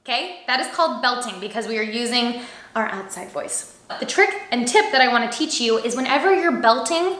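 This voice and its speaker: Bright, upbeat woman vocal coach. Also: a little high, moderate pace. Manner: upbeat, encouraging, checks in with "okay?". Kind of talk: singing lesson, demonstrating exercises. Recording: echoey room.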